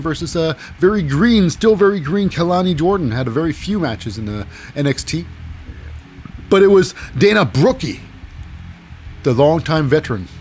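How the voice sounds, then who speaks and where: A man casually recapping wrestling matches alone, rambling and sarcastic, often acting out what people said in silly voices. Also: on the high side. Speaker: wrestling show recap host. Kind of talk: casual solo recap commentary.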